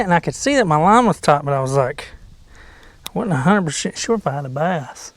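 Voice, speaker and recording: A man's voice: on the high side, lively intonation, fairly quick, no echo. A man chatting casually while fishing from a boat outdoors, goofy and talkative, dropping into whispers now and then. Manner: goofy, chatty, drops into whispers and silly sing-song noises. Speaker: fishing vlogger.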